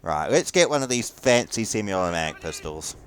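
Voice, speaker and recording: A man with a New Zealand accent grumbles wryly at his teammates in casual, profane running banter over a war game. His voice sits fairly low and sing-song, and he talks fairly quickly over slight background noise.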